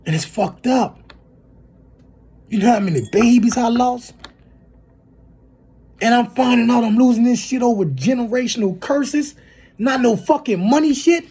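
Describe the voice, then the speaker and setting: A video creator on an angry, profane spoken rant to viewers, who swings between shouting and muttering, breaks off to apologize, and keeps asking "you heard me" and "you feel me". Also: medium pitch, animated, a little slow, pauses often, slight background noise. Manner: apologetic asides between outbursts.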